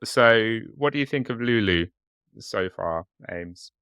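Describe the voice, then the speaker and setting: A low-voiced man with a southern English accent who talks slowly and laughs easily while co-hosting a podcast. His tone is bright and forward, and the dry recording has no room sound. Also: animated, smooth, no room sound. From England. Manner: jokey, laughs often. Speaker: podcast co-host. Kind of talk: casual chat.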